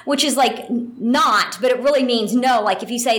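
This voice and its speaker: A woman voice actress telling stories in a casual interview, chatty and animated, with plenty of fillers. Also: sits high, brisk, few pauses.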